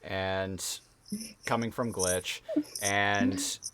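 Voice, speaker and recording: A man co-hosting a podcast, summarizing a cartoon plot in a relaxed, casual way with filler pauses. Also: lowish voice, background noise. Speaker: podcast co-host. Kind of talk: casual chat recapping a cartoon episode.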